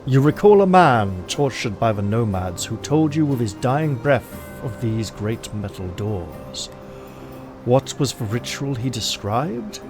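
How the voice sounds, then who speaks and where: Slow, deliberate male gamebook narrator. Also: mid-range voice, lively intonation. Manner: measured, deliberate, dramatic reading. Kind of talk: reading aloud and commenting on a solo gamebook. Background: music.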